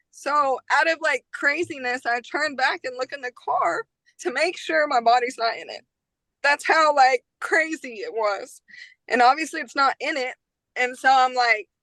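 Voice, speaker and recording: A young woman in her twenties recounts a story as a podcast guest, her voice bright and sharp with a slightly raised pitch. She talks casually, throws in slang, and acts out what others said. The sound is close and dry. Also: dry recording, low-quality recording. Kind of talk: emotional personal storytelling.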